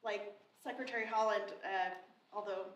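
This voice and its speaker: A woman's voice: medium pitch, fairly even intonation, normal speed. A woman in her forties, a state official, giving a heartfelt and conversational memorial tribute, laughing now and then. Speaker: Secretary of State speaking at a memorial. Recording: roomy echo from a distant mic, faint noise.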